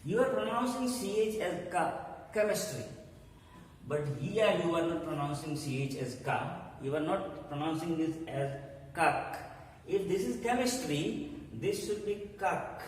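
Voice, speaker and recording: A man's voice: on the high side, slight background noise. Echoey far-off male English teacher. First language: not English. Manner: deliberate, explanatory, spells out letters, frequent "uh" pauses. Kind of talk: classroom-style lesson.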